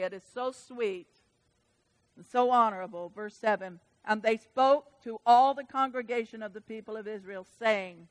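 A woman preaching a sermon to her church, reading scripture and surging from soft asides to loud, fervent exclamations. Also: a little high. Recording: long hall reverb.

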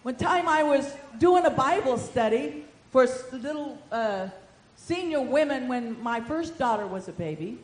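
A woman preaching a sermon in a fervent storytelling manner, swinging between shouts and hushed asides. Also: high voice, lively intonation, measured pace. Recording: echoey room.

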